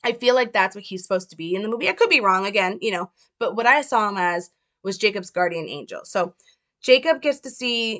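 A woman's voice: mid-range voice, pushed and bright. A young woman talking casually as she analyzes a film, chatty and hedging. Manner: chatty, hedging, full of fillers. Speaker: film commentator.

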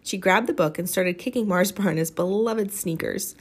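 A woman reading a novel aloud, expressive and dramatic in her storytelling. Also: medium pitch, normal speed, breathy edge. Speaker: audiobook reader.

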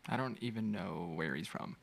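A man's voice: deep voice, moderate pace, vocal fry, husky. A man co-hosting a casual chat, laid-back and playful, teasing his co-host and chuckling often. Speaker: podcast co-host. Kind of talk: casual chat recapping a reality show.

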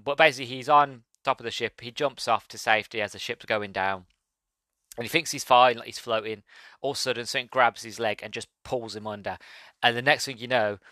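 Bright-voiced enthusiastic male book reviewer. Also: medium pitch, no room sound. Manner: enthusiastic, rambling, self-correcting. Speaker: podcast host reviewing a book. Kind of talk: casual spoken book review.

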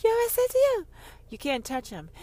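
A woman's voice: very high voice, huge pitch swings, fairly quick, mellow, dry recording, voice pushed up, heavily acted. A woman voicing God as a defiant, boastful male creator who talks in a brash, profane way.

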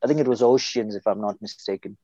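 A man's voice: on the low side, fast, noisy background. A man from India, a guest telling a story hesitantly and repeating words. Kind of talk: casual interview storytelling. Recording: dull, dry recording.

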